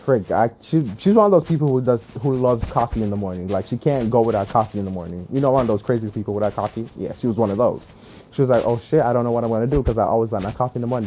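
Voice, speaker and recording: Exasperated young man telling a story. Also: mid-range voice. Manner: animated, exasperated storytelling with laughs. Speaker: vlogger. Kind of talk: casual storytime rant.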